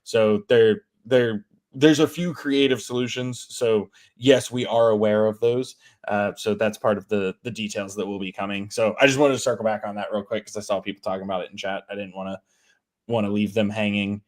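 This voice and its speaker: A man's voice: fairly low pitch, fairly even intonation, a little fast, a little mellow. A man co-hosting a game livestream Q&A, talking in a casual, friendly way and saying "y'all". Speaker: livestream co-host.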